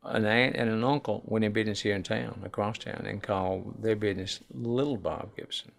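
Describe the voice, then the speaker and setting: Low gravelly man, restaurant owner, matter-of-fact. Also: fairly quick. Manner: steady, matter-of-fact storytelling.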